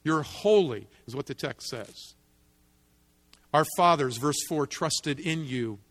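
A man preaching in a church sanctuary, his slightly high voice carrying through a long, echoing reverb. He speaks with emphasis and swells into fervent peaks whenever he reads scripture aloud. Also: expressive, a little slow. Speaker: pastor. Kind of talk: sermon. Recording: long reverb of a large hall.

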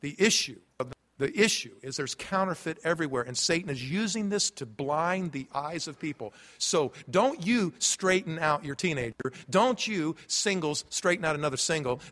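A man preaching a sermon as a pastor, swinging between loud emphasis and quiet, low asides. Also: in a large hall.

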